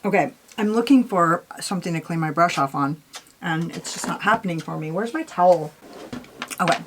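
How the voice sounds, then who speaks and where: A woman's voice: lowish voice, a little fast, soft background music. A young woman vlogging a makeup tutorial in a chatty, candid way, swearing casually and saying "like" a lot. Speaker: beauty vlogger.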